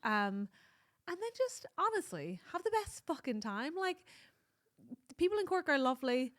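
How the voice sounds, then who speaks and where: Chatty Irish woman with a high voice. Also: normal speed. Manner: chatty, animated, gives warm advice with swearing. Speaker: podcast co-host. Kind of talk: casual chat.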